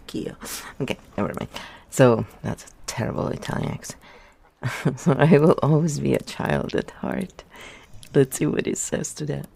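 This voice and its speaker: A woman's voice: rumbling low, lively intonation, moderate pace, vocal fry, warm tone, a little hiss or hum. A woman streaming and chatting casually, joking and laughing often. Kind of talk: casual chat.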